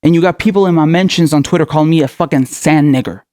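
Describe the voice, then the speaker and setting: A young man tears into his audience in a furious, profanity-laced political rant. His voice sits a little high and the recording is close and dry. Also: fast, dry recording. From Middle East. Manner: furious, profane, shouting insults. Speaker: political commentator.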